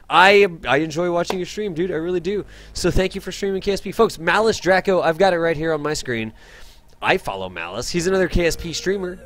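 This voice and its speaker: A man's voice: sits high, fairly bright tone. A man streaming a space game live, explaining his moves in an upbeat, chatty way and thanking viewers from the chat. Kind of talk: live gameplay commentary, reading chat.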